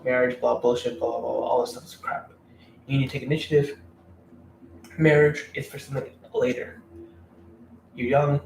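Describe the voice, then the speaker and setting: A man's voice: mid-range voice, gravelly. A man giving blunt dating advice in a casual, rambling, profane rant to camera. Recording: roomy room, mic at a distance, faint background noise.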